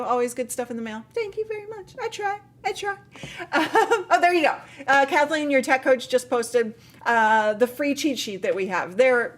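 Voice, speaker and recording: A woman's voice: medium pitch, fairly bright tone. A woman hosting a casual live Q&A stream, sounding tired but chatty and upbeat, laughing often and trailing off into fillers. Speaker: livestream host.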